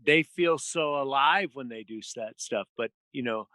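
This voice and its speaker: A man's voice: mid-range voice, moderate pace, bright, forceful tone, no echo. A man appearing as a podcast guest, talking emphatically and rattling off lists of figures in casual conversation. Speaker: podcast guest, health author.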